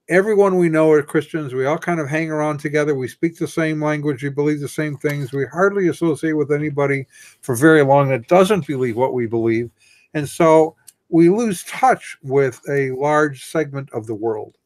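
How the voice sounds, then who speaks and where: A man hosting a casual chat, often halting and repeating words as he starts a thought. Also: fairly high pitch, a little mellow. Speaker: host.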